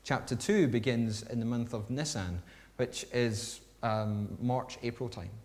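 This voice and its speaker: A male preacher giving a sermon, reading a story aloud with expressive delivery that swings between hushed and emphatic. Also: mid-range voice, unhurried.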